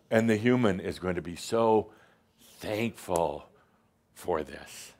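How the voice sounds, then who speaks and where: A man giving a channeled spiritual address to a live group, emphatic and playful, with rhetorical questions and halting restarts. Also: lowish voice, a little mellow. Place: gathering room with online audience.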